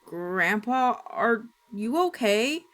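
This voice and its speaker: A woman's voice: medium pitch, lively intonation, slow pace, a bit bright, pitched above the performer's own voice. A woman voicing a nervous young grandson, asking hesitant, anxious questions. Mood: whispering. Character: nervous young grandson, uneasy teen boy.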